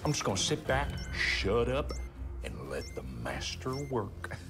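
An actor playing a cocky, jovial veteran bomb technician who talks in a jokey, boastful way. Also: male voice, medium pitch, very animated, unhurried, gravelly, over music.

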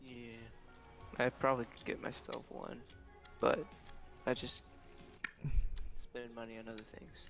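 Young man, laid-back, monotone delivery, gravelly voice, computer call, music behind. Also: unhurried, pauses often. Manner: laid-back, low-key answers. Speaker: guest on a stream call. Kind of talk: casual chat.

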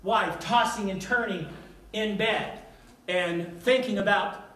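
A man's voice: high voice, slow pace, bright, forceful tone. An older man preaching a sermon as pastor, emphatic and repeating his key lines. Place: church sanctuary. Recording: echoey church from a distance.

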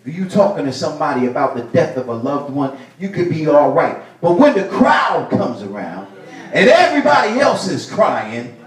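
A male pastor preaching a sermon, building to loud bursts and repeating his phrases. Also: a little high, very animated, moderate pace, few pauses. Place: church sanctuary. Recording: echoey church room, mic at a distance.

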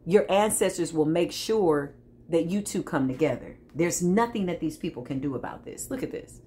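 A woman's voice: on the low side, expressive, normal speed, dark tone. A woman giving a tarot reading to her viewers, sassy and preachy, with frequent laughs and asides. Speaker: tarot reader. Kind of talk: spiritual tarot reading monologue.

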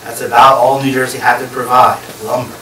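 A man's voice: mid-range voice, flat delivery, a little fast, bright, forceful tone. A man giving a public history lecture to a live audience, explaining step by step and putting questions to the listeners. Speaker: guest lecturer. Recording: echoey room, distant mic, faint hiss.

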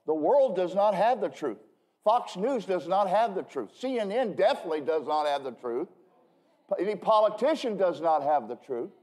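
Warm in tone and fairly high in pitch, a pastor's voice carries through a church during a casual evening sermon. He jokes and rambles, breaking into emphatic bursts and restarting frequently.

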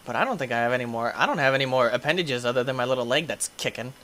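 A young man hosting a gaming video, giving excitable play-by-play commentary, often yelping, screaming at in-game injuries and laughing. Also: mid-range voice, rapid-fire, a little hiss or hum. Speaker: gaming channel host.

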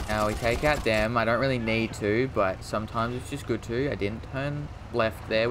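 A man with a medium-pitched, fairly bright voice speaks at normal speed with fairly even intonation and hardly any pauses, over slight background noise. The gaming streamer rambles through casual commentary, mocking himself and yelping now and then at on-screen action.

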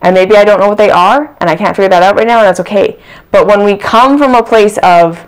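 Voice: medium pitch, a little fast, clear, resonant tone. A channel host giving a reflective self-help talk, earnest and repeating phrases for emphasis.

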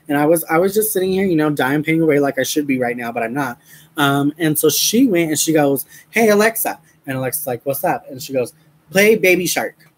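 A man's voice: fairly high pitch, fast talker, low-quality recording. A young man chatting to his viewers while crafting, rambling with many fillers and frequent laughs, mentioning a headache. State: has a headache. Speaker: crafting vlogger.

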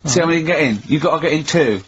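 A man's voice: on the high side, lively intonation, rapid-fire, a little hiss or hum. A man with an English accent co-hosting a radio show, teasing and goading with lots of laughter. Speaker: radio co-host. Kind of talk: jokey radio banter. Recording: dull lo-fi radio broadcast.

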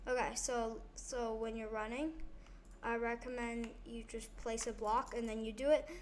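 A woman's voice: fairly high pitch, little pitch movement, moderate pace, a little mellow, slight background noise. A woman hosting a casual gameplay tutorial, talking over her play in a rambling way with many fillers and restarts. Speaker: gaming channel host.

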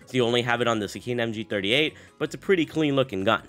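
A man's voice: medium pitch, racing, a bit bright, faint music behind. Young man, sick voice, casual gaming commentary, upbeat, rambling. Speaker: gaming YouTuber.

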